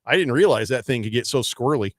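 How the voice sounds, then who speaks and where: A man's voice: mid-range voice, animated, fast talker, no room sound. Man, radio sports host, casual rambling chat, lots of fillers, dry close studio mic. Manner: rambling with many fillers and restarts. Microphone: studio microphone.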